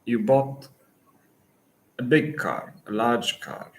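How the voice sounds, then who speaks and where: A man with an Italian accent, a native Italian speaker coaching Italian in a live Q&A lesson, pausing thoughtfully and restarting phrases. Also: medium pitch, low-quality recording.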